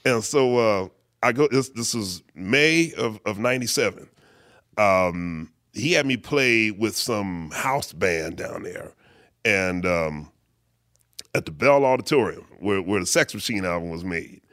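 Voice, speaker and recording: A middle-aged man, a bass player, casually telling an anecdote in an interview, acting out quotes with many fillers. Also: expressive, a little slow, fairly bright tone, no room sound, studio quality. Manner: laid-back storyteller who acts out quotes, many fillers. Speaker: guest musician, bass player.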